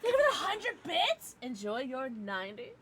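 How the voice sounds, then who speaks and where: A young woman streamer chatting casually with her viewers from a home setup, loud, giggly and profane, her nose stuffed up from crying. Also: sits high, wildly swooping pitch, moderate pace, slight background noise. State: congested from crying. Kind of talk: casual livestream chat.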